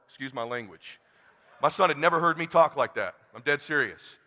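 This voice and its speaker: Man, middle-aged, keynote speaker, animated storytelling, sharp bright tone, long hall reverb. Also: a little high, a little fast. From California, USA. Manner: animated, blunt and profane, acts out dialogue. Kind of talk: motivational talk with personal storytelling. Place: large conference hall.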